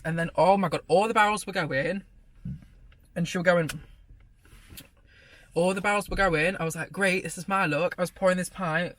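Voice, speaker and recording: A young man with a fairly high voice tells a story in a casual vlog, chatty and animated, swearing freely and laughing through it. The sound is dry and close, with little room. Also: dry recording. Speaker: vlogger. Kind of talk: casual storytime while eating.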